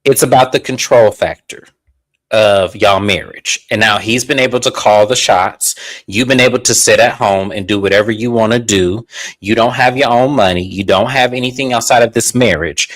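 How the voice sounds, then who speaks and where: A man hosting a casual reality TV recap, talking in an animated, sassy way with drawn-out emphasis. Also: medium pitch. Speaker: podcast host.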